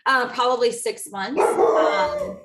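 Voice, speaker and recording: A woman's voice: a little high, wildly swooping pitch, slow, a bit bright, recorded from a distance. Woman chatting, faint background noise. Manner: reacts with short encouraging comments. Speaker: podcast co-host. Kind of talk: casual chat.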